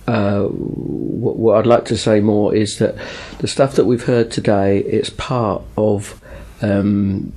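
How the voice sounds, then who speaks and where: A British man giving a short, halting speech to a small meeting, with many pauses. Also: lowish voice, dark tone. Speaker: magazine editor speaking at a meeting.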